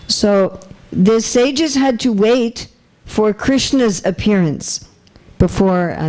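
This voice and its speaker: A woman's voice: medium pitch, warm tone. A woman giving a religious lecture to a live audience in a temple hall, chatty and teasing, often checking that listeners follow. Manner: light teasing humor. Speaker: visiting speaker.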